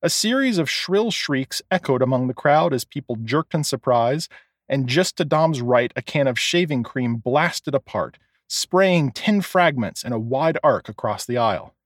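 A man narrating a story as an audiobook, expressive storytelling. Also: mid-range voice, unhurried, no echo, studio quality.

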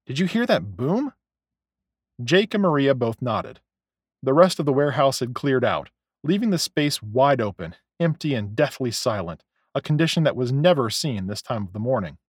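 A man narrating a novel as an audiobook, in a measured, expressive storytelling way. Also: mid-range voice, no room sound, clean studio sound. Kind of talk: scripted narration.

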